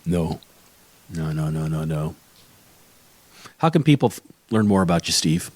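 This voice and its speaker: A man's voice: low voice, lively intonation, measured pace, darkish tone, no echo. A man from Chicago who hosts a sales podcast, speaking in a friendly, conversational way that readily agrees with his guest. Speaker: podcast host. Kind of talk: podcast interview and closing remarks.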